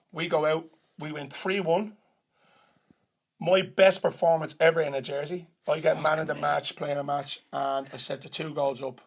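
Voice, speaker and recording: Gravelly Irishman telling a story. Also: on the high side. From Ireland. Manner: lively storyteller, acts out others' voices, swears freely. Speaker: podcast guest. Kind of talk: storytelling in casual chat.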